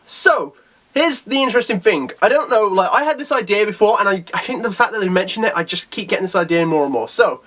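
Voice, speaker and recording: A man talks through a comic chapter in a casual, rambling way, full of restarts and fillers. His voice sits on the high side for a man. He speaks with eager, loose enthusiasm. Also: expressive, fast talker, a bit bright. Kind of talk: casual video review.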